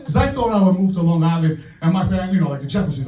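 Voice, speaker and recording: Brash foul-mouthed guy doing standup, high voice, echoey club mic from far off, crowd laughing. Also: lively intonation, very fast. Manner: brash, profane, loud punchlines. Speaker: stand-up comedian. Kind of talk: stand-up set. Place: comedy club stage. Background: audience laughing.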